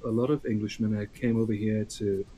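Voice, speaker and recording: A man's voice: fairly low pitch, flat delivery, fairly quick, warm tone, a little hiss or hum. A man from South Africa co-hosting a podcast, enthusiastic and emphatic, with a radio presenter's delivery. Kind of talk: casual chat.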